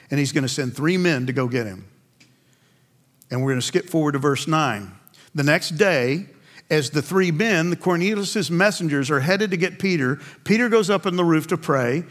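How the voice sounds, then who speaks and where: A man's voice: a little high, animated, normal speed, fairly bright tone. A man preaching a sermon. He keeps asking the congregation questions and answering them himself, and he acts out the voices in the story. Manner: acts out biblical voices in quotes. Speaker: pastor.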